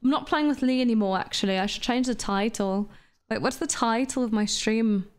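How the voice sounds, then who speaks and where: A VTuber streamer plays a shooter game, chatting casually with viewers, reading the chat aloud and swearing between plays. She talks fairly quickly in a smooth voice but seems a bit unwell and low on energy.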